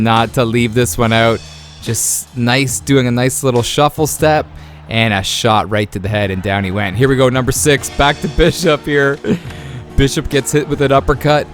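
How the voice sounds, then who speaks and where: A man commenting on his video game knockout highlights, excitable and laughing, with playful trash talk. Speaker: gaming YouTuber.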